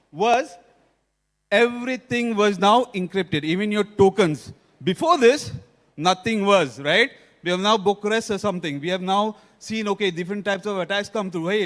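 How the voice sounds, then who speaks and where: Indian man, conference speaker, high voice, keeps checking the crowd follows, hall reverb. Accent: Indian English. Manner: engaging, quizzes the audience often. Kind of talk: technical conference talk.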